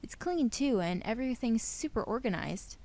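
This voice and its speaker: A young woman hosting a let's play, reading a visual novel's narration aloud in a playful, expressive way. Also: a little high, normal speed.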